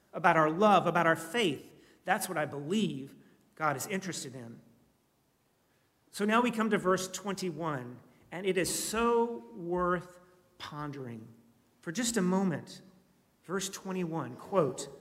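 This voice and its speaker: A man's voice: high-pitched, a bit bright. A man preaching a sermon in a conversational, reflective way, now and then asking his listeners a question. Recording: reverberant hall.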